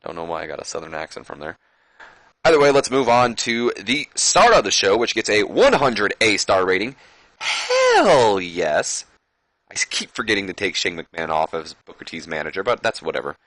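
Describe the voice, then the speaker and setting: A man chats his way through a game, reading out results and ratings with a self-mocking edge. His voice is bright and forceful and sits on the low side. It is recorded close and dry, with no room sound. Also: wildly swooping pitch, moderate pace, no echo. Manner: chatty, self-mocking, reads out match results. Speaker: let's-play commentator. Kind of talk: casual game commentary.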